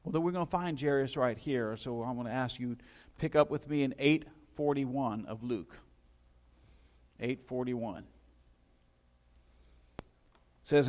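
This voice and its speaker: A man's voice: medium pitch, measured pace, long pauses, darkish tone. A middle-aged male pastor preaching a sermon in a conversational storytelling way, with asides to his listeners.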